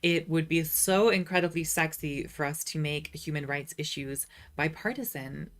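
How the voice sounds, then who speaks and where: A woman's voice: deep voice, normal speed. A woman chatting casually on a livestream, reading chat messages and answering with sarcastic asides. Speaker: streamer reading live chat.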